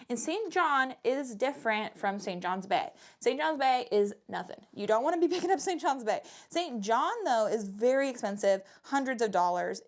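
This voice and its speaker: A young adult woman, chatting casually and upbeat as she shows off her thrift finds. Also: on the high side. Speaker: thrift reseller vlogger. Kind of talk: casual vlog chat.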